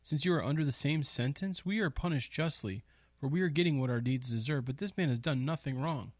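A man's voice: medium pitch, brisk, no room sound, clean studio sound, lightly acted. A man reading aloud as a condemned criminal, rebuking his fellow prisoner with raised, urgent voice.

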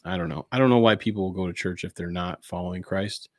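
A man's voice: low-pitched, quick pace, no echo, studio quality. A man co-hosting a church podcast, talking casually about faith, laughing often and acting out characters in funny voices. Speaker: podcast co-host.

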